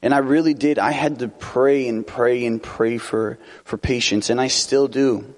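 A man's voice: medium pitch, steady tone, measured pace. Conversational male preacher. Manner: conversational, tag questions, light laughter. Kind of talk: sermon.

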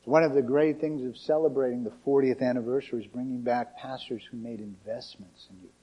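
A man's voice: mid-range voice, steady tone, brisk, slightly rough, lo-fi sound. A male pastor preaching a sermon in a conversational, emphatic way.

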